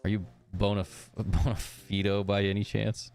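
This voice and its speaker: A man's voice: on the low side, completely flat delivery, moderate pace, a little mellow, clear, resonant tone, soft background music. A young man streaming a game live, chatting upbeat with his viewers and reading the characters' dialogue aloud in his own voice.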